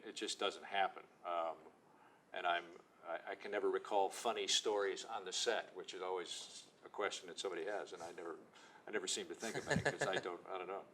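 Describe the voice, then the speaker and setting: A man with a low voice answers interview questions about his acting work. He speaks in a low-key, reflective, self-deprecating way, without much show. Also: a bit bright, a little hiss or hum. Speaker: actor guest. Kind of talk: casual interview talk.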